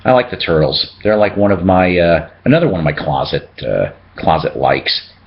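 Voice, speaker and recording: Brief: jokey male record collector, lowish voice that swings up and down a lot, muffled lo-fi sound. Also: very animated, normal speed, creaky. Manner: chatty, jokey, reads out record labels. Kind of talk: casual show-and-tell vlog.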